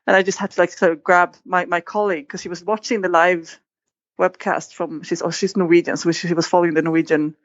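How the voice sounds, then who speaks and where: A woman's voice: lowish voice, flat delivery, fast, no echo. A woman guest in an interview, telling a story with animation and acting out quoted lines. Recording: dull, dry sound.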